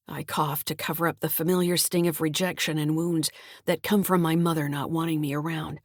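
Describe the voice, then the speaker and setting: Low-voiced woman reading an audiobook. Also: fairly even intonation, moderate pace, no echo, clean studio sound. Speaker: author and audiobook narrator. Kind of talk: scripted audiobook narration.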